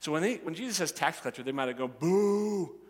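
Guy preaching, acts out all the voices, kinda high pitched, big echoey hall. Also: very fast. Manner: animated, acts out voices of the crowd and the characters. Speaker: pastor. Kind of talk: sermon.

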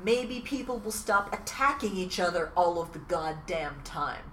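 Woman co-host, lively pitch, echoey room. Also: a little slow, a loud crowd. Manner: animated, laughs often, acts out quotes. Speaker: podcast co-host. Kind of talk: casual recap chat.

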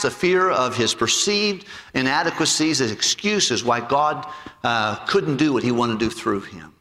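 Male preacher, sermon, lively pitch, slightly high voice, acts out stories, echoing hall. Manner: animated storytelling, acts out voices and jokes. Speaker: pastor.

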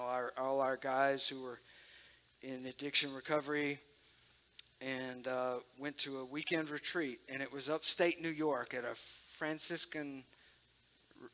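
A man's voice: medium pitch, fairly even intonation, measured pace, pushed and bright. A man giving an emotional, conversational sermon-style testimony, speaking directly to his audience.

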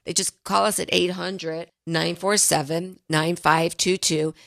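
Woman, financial advisor, radio host, low voice, vocal fry, earnest storytelling. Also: fairly even intonation, measured pace, a bit bright. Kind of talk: casual radio chat.

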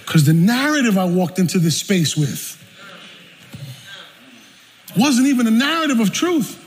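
A high-pitched man preaches an animated, emotional personal story. His voice carries into a large church with a long echo. A faint hum of the room sits under him. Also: a little slow. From South Bronx, New York. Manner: animated, emotional storytelling with bursts of laughter and shouting. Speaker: pastor. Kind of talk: storytelling sermon.

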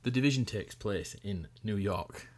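A man's voice: fairly low pitch, moderate pace, a little mellow. A man hosting a casual chat about a video game, leading the talk with jokes. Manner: leads the talk, jokey. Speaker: podcast host.

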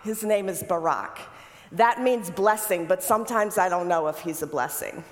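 A woman putting on the voice of an older nun with a thick New Jersey accent who is brisk, welcoming and repeats her greetings, in a long reverberant hall. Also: lowish voice, lightly acted.

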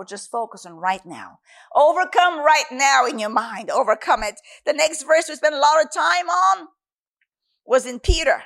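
Woman preacher, sermon, high voice, lively pitch swings, emphatic. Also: gravelly. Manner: slow, emphatic, scripture-quoting.

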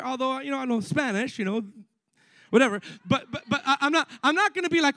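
A young man preaching a lively sermon, stuttering repeats and quick asides to the congregation. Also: very high-pitched, no room sound. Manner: excitable, repeats words, frequent asides to the congregation. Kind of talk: energetic sermon.

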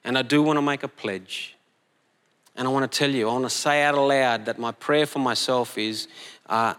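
A man preaching as pastor, leading a slow, gentle, prayerful reading. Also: mid-range voice, steady tone, clear, resonant tone. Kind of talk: sermon. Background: soft band music.

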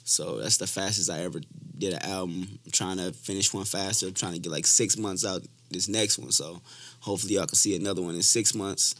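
A man's voice: low-pitched, fairly even intonation, brisk, fairly bright tone. A young man hosting a casual podcast chat, loose and profane, joking and repeating himself as he talks. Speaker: podcast host.

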